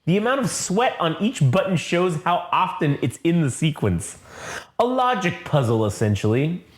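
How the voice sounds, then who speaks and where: A man's voice: fairly high pitch, big pitch swings, moderate pace, pitched above the performer's own voice. A man voicing a fussy elderly male alien inspector, prim and precise, in an echoey room.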